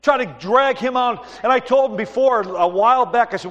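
A man preaching in a church sanctuary, his voice ringing out in a long hall reverb. He has a high pitch and tells stories with animation, acting out the voices of the people in them. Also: fairly quick, fairly bright tone, lo-fi sound. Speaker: pastor. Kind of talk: sermon.

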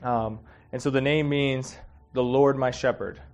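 A man's voice: medium pitch, steady tone, a little slow, darkish tone. A man giving a casual, heartfelt sermon, talking conversationally with many fillers and getting emotional. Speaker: preacher.

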